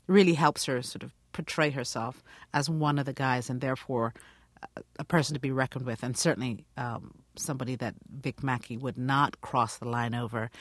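A middle-aged actress from Guyana with a British accent, speaking thoughtfully in a radio interview. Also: female voice, rumbling low, a bit bright, dry recording. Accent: British English.

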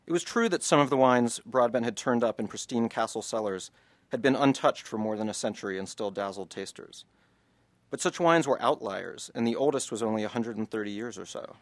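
A man's voice: medium pitch, fairly quick, no echo. A man, an author, reading passages from his book to an audience and then answering questions in a loose, chatty way.

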